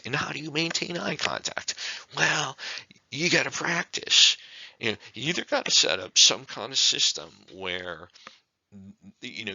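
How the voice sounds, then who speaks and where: Man, speech instructor: low, gravelly voice, lively pitch, talks in rhetorical questions. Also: no echo, highs cut off. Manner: conversational, with many fillers and rhetorical questions. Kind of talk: recorded online lecture.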